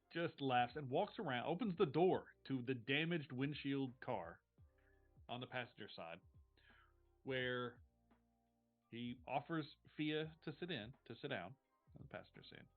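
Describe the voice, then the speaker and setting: Man, game master, tabletop game, hesitant restarts, mid pitch, phone-like sound, faint music. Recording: tinny call audio with faint music.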